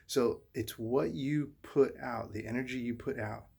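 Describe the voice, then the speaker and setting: A middle-aged man, a father, telling viewers a painful personal story in a halting, earnest way, often repeating himself. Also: mid-range voice, gravelly, darkish tone, breathy edge. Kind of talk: emotional personal monologue to viewers.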